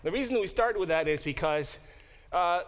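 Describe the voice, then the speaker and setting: A man's voice: high voice, expressive, moderate pace. A man teaching a church Bible class in a conversational lecture style, often asking the class questions. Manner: conversational, asks the class questions, many restarts.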